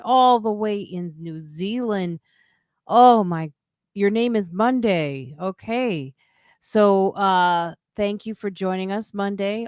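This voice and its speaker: Hosting a casual, chatty live stream, this comedian and podcaster welcomes her viewers and reads out what they comment. She claims to be putting on an odd low radio voice; her tone is clear and resonant, recorded in clean studio quality without echo.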